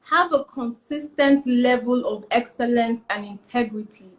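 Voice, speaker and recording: A woman's voice: on the high side, measured pace. A young woman, a fashion stylist giving emphatic advice as a guest in a casual interview. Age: young adult. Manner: emphatic, repeats key points, animated.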